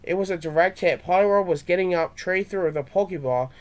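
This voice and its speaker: A man's voice: high-pitched, a little fast. A young man reading his own fan story aloud, with small stumbles and restarts.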